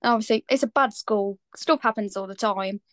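A woman's voice: mid-range voice, a little fast, a bit bright, no echo. A teenage girl speaking candidly in a casual podcast chat, full of "like". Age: teens. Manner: candid, earnest, lots of "like". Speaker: podcast guest.

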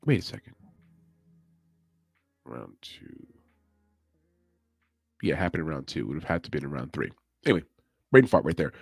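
A man's voice: rumbling low, very animated, normal speed, gravelly, pauses often, slightly rough, dry recording, faint music behind. A man hosting a casual sports betting podcast, loose and chatty, thinking aloud as he goes. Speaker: MMA betting podcast host. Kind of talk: casual chat.

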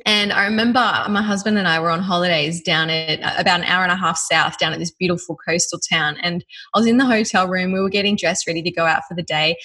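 Husky, bright Australian woman. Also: lowish voice, fast talker, hardly any pauses, poor audio. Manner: lively, laughs often while telling her story. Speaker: guest telling her story. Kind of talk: personal storytelling.

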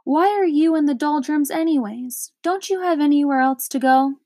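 A woman voicing a gruff, stern watchdog that scolds and barks in a storybook reading. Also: sits high, moderate pace, a little mellow, no room sound, studio quality, voice pushed up. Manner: barking, scolding.

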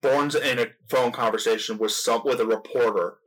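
A man's voice: mid-range voice, normal speed, low-quality recording. A man co-hosting a casual film podcast, talking animatedly, his voice jumping up as he makes his points. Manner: animated, voice jumps up when making a point. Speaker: podcast co-host.

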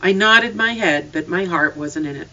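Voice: medium pitch, moderate pace, bright, forceful tone. Earnest storybook narrator. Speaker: audiobook reader. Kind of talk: first-person story narration. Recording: slightly distant, dull lo-fi.

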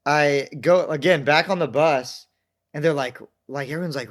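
A man's voice: a little high, fairly even intonation, moderate pace. A young man telling rambling, self-mocking stories in a casual chat, acting out the voices of people he quotes. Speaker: podcast guest telling stories.

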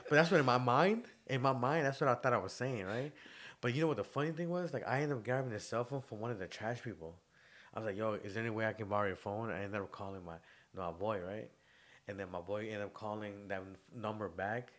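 A man's voice: on the low side, fast, fairly bright tone. A young man co-hosting a podcast, telling rambling stories in casual chat with lots of slang and laughter. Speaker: podcast co-host.

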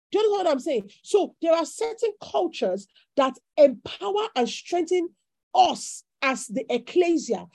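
A woman's voice: high-pitched, warm tone, no echo. A woman preaching a sermon, emphatic and repetitive in cadence.

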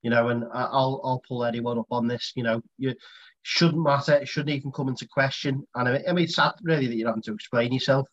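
A man's voice: medium pitch, steady tone, quick pace, fairly bright tone. Man in lo-fi banter. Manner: friendly banter, teasing. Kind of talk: casual podcast chat. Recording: dull lo-fi sound.

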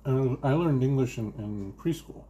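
A middle-aged man whose first language is Spanish sits at the family dinner table. His voice is mid-pitched and easygoing. He tosses in wry, deadpan jokes in a low-key way. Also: moderate pace, slight background noise. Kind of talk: casual family chat.

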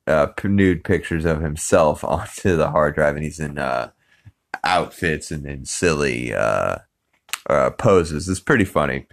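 Deep-voiced guy recapping a cartoon, rambly, lots of uhs and ums. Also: animated, unhurried, vocal fry. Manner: rambling, many fillers. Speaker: podcast host. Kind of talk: casual episode recap.

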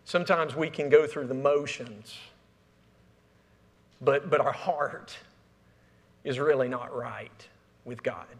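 A man's voice: medium pitch, steady tone, slow pace, pauses often. A male pastor preaching a conversational sermon, often repeating words and putting questions to the congregation. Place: church sanctuary. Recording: long reverb of a church hall.

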